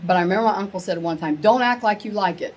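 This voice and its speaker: A middle-aged woman telling a rambling, excitable story to a small live group, acting out the quotes with big jumps in her voice. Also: medium pitch, fast, heavy background noise. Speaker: meetup attendee sharing a story. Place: women's meetup gathering, audience laughing.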